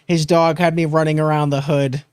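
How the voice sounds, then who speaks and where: A man's voice: a little high, flat delivery, moderate pace, a little mellow, smooth, no room sound, clean studio sound. A young man co-hosting a sports betting podcast, telling rambling jokey stories. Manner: joking, rambling storyteller. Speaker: podcast co-host. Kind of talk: casual chat.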